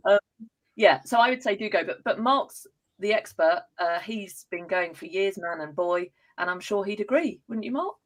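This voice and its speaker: A woman's voice: medium pitch, animated, moderate pace, rough recording. A woman from Hertfordshire with an Estuary English accent, co-hosting a casual chat and laughing easily. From Hertfordshire, England. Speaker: co-host.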